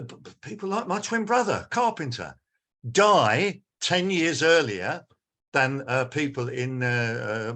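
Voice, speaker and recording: A man speaking at a conference panel, passionate and animated, with many fillers and restarts. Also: on the high side.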